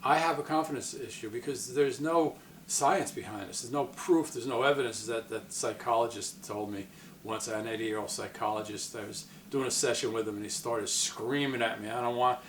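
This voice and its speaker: A man's voice: mid-range voice, normal speed, a bit bright. Guy rambling through a story to camera, keeps restarting, sounds far off in a roomy space. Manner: rambling, self-interrupting, retells quotes in other voices. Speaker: psychic medium vlogger. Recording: echoey room, distant from the mic, faint background hum.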